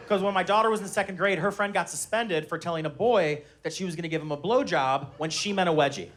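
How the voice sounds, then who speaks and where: A man in his thirties doing a stand-up comedy set live on stage, telling animated stories and shouting his children's lines. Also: fast. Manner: animated storytelling, shouting high-pitched voices when acting out his kids. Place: live comedy venue with laughing audience.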